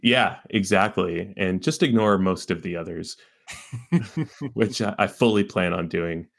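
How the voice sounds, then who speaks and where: Deep-voiced joking podcast co-host. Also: male voice, vocal fry. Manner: joking, playful, quick to laugh. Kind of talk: casual chat.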